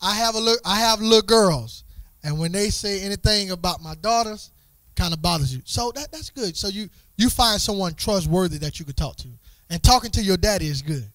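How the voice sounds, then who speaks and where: Church youth leader guy, high voice, keeps repeating himself, dry close sound. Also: a bit bright, dry recording. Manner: repeats words in quick restarts, asks the group questions. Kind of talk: conversational church teaching to young people.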